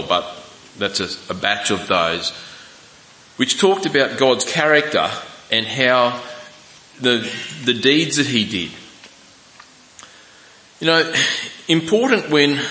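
A man preaching a sermon in a church, his voice bright and forceful. He reads scripture slowly and breaks off with restarts and asides. The sound rings out with the long, echoing reverb of a large hall. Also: medium pitch. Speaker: pastor.

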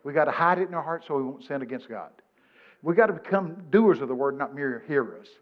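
A man, preaching a sermon in a folksy, animated storytelling way, quoting scripture. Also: fairly high pitch, fairly quick, phone-quality sound. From Texas. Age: 70s.

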